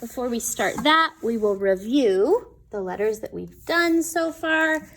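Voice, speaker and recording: A woman teaching young children their letters in a patient, sing-song way, sounding out each letter slowly. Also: a little high, animated, a bit bright. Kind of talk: teaching a children's alphabet lesson.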